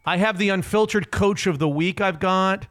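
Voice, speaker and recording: A man hosting a sports radio show, talking in an opinionated, emphatic, rapid way. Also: sits high, a bit bright. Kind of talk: casual sports talk.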